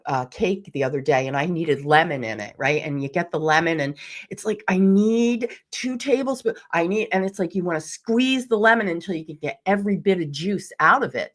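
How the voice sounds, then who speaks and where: A middle-aged woman, a guest on a podcast, telling her personal story in an earnest, emphatic way with vivid detail. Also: lowish voice. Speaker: intuitive mentor and podcast guest.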